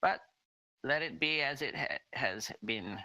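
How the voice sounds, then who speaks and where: A man's voice: mid-range voice, lively intonation, measured pace, sharp tone, dry recording, muffled recording, pitched above the performer's own voice, heavily acted. A man doing a scornful old lord. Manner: condescending, stern. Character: scornful older male lord, a father.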